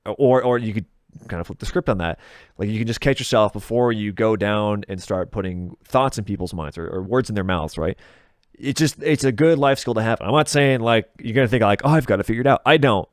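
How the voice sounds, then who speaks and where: A man in his thirties with a lowish voice, guesting on a podcast as a video game content creator, chats briskly and candidly in a casual interview. He swears freely and laughs at himself. The recording is dry, with clean studio sound.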